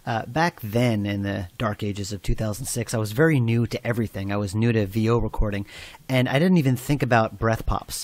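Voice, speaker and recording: A man giving a commentary track on a game, explaining in a thoughtful, relaxed way with frequent pauses and fillers. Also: mid-range voice, no room sound. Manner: thoughtful, many fillers and restarts.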